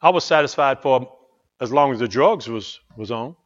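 A man preaching a fervent sermon as pastor, swinging from hushed asides to loud exclamations. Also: mid-range voice, animated, moderate pace, muffled recording.

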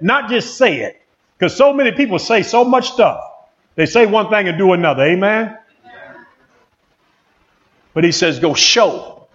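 Excitable high-voiced male preacher. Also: a little slow, long pauses, lo-fi sound. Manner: excitable, call-and-response preaching. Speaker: pastor. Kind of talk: sermon. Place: church.

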